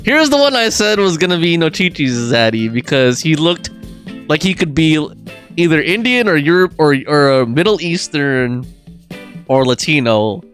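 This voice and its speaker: A man's voice: a little high, big pitch swings, normal speed, fairly bright tone, soft background music. A young man casually commenting on a game during a live stream, laughing often and reading the game's text and viewers' chat aloud.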